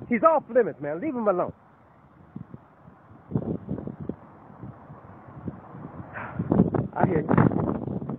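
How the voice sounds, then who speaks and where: A man acting out a fed-up father in his fifties or older, phoning the man who wronged his grown son. The voice sits high and jumps all over the place, pleading one moment and threatening the next, with "man" at the end of nearly every phrase. It sounds thin and tinny, with wind and outdoor street noise behind it. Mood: menacing. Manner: streetwise slang, repeats "man" constantly; swings between pleading and threatening. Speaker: actor in a short comedy film. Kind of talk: improvised one-sided phone monologue. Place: outdoors near a building site.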